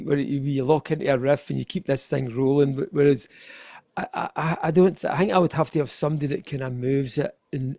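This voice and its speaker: A man's voice: mid-range voice, gravelly, a little mellow, dry recording. An older Scottish man chatting as a guest on a video-call interview, rambling and self-deprecating, laughing often. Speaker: guest musician. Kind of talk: casual interview chat.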